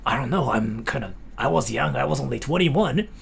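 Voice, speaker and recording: Lively gravelly-voiced young man. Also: mid-range voice, a little fast. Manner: rambling, animated, many "like" fillers. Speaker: livestream host. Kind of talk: casual storytelling chat.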